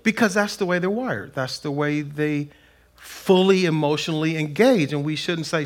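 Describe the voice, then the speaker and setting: A middle-aged pastor preaching a sermon, animated, acting out quotes in a raised voice. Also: male voice, on the high side, moderate pace.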